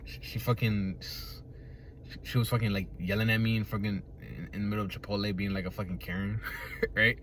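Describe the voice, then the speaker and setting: A man's voice: lowish voice, little pitch movement, fairly quick, a bit bright, slight background noise. A young man hosting a podcast, rambling casually in a profane, laid-back way, often laughing and tagging his thoughts with "right?". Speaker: podcast host.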